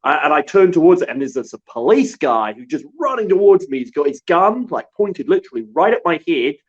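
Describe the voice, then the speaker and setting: A man from New Zealand, a war correspondent, telling stories in a relaxed, halting way. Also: fairly high pitch, breathy edge, muffled recording. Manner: relaxed storytelling with many restarts. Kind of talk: casual remote interview.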